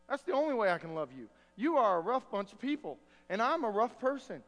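A man's voice: high-pitched, big pitch swings, fairly quick, hardly any pauses, a bit bright, big-room sound, soft background music. A man preaching a sermon as pastor, a folksy storyteller who jokes with his church.

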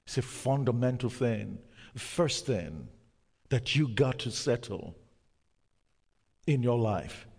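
Slow, emphatic male preacher in a hall. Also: medium pitch, expressive, vocal fry, a little mellow, husky. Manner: slow, emphatic preaching with dramatic pauses and sudden drops to near-whisper. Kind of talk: sermon. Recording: long hall reverb.

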